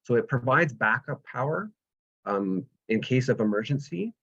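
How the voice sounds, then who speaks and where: A man's voice: mid-range voice, expressive, moderate pace, a bit bright. A man, explaining solar power step by step with patient analogies in a webinar over a video call. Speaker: solar energy presenter. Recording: dull lo-fi webinar audio.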